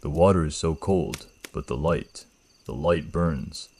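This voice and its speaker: Soft raspy ghostly wife, as a deep-voiced man puts her on. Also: a little slow, exaggerated voice. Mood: eerie coaxing. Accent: Maine. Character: eerie dead wife's voice, woman, drowned, coaxing.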